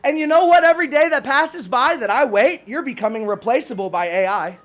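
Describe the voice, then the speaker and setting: Man, high voice, motivational coach, intense challenging rant, repeats questions, swears. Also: lively intonation, fairly quick, a bit bright. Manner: swears casually.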